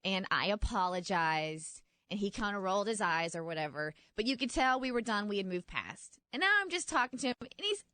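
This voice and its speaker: A young woman co-hosting a radio show, telling a story in an animated, excited way. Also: medium pitch, fairly quick, hardly any pauses, no room sound. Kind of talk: casual morning radio chat, storytelling.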